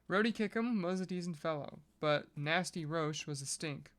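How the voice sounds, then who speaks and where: Measured, smooth-voiced novel reader. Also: medium pitch, a bit bright. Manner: measured reading with casual joking asides. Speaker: podcast reader. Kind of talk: reading a novel aloud.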